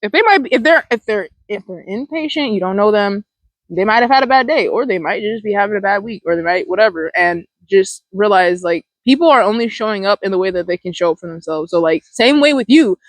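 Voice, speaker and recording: Woman mindfulness host, casual pep talk, rambling and filler-heavy, mid pitch, dry close sound. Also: lively intonation, brisk, no room sound, low-quality recording.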